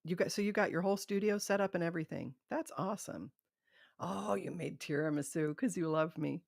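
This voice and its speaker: A woman's voice: on the low side, a little fast, creaky, a little mellow, dry recording, clean studio sound. A middle-aged woman hosting a live stream, chatting casually and rambling, laughing often. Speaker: livestream host.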